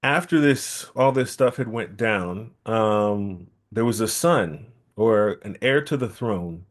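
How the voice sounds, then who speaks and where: Low-voiced male storyteller, repeating for emphasis. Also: slow. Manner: lively, repeats key phrases for emphasis. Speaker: storyteller at a temple gathering. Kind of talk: oral storytelling.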